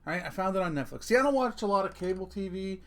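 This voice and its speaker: A man's voice: high voice, expressive, fast talker. A middle-aged man hosting his own podcast, ranting casually, joking and swearing as he talks straight to his listeners. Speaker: podcast host. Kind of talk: casual rant.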